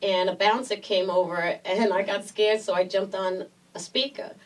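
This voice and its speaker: A middle-aged woman from Brooklyn with a New York Puerto Rican accent, telling a story in an interview, animated and acting out voices. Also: medium pitch, moderate pace, distant mic, rough recording. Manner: lively storyteller, acts out voices, laughs often. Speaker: guest actress.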